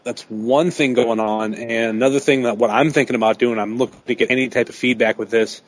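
Male podcast host, relaxed, rambling casual talk, mid pitch. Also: brisk, poor audio. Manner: rambling, filler-heavy, laid-back. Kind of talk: casual chat.

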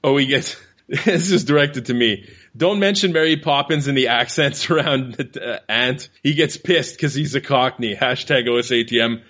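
A man's voice: medium pitch, moderate pace, a bit bright. A man hosting a podcast, reading listener comments aloud with a casual, profane manner and frequent laughter. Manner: profane, laughs often, reads tweets aloud. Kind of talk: casual podcast chat over a call.

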